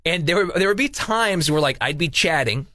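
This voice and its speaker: A man's voice: a little high, expressive, normal speed, pushed and bright, dry recording, clean studio sound. A man co-hosting a casual podcast, talking in a loose, rambling way with lots of fillers. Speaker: podcast co-host.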